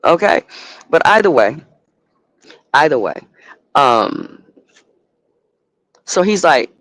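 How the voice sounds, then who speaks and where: Gravelly man telling a profane story. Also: on the high side, moderate pace, long pauses. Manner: animated, profane, acts out both sides of a phone call. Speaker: trucking company owner. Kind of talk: casual storytelling to a live audience.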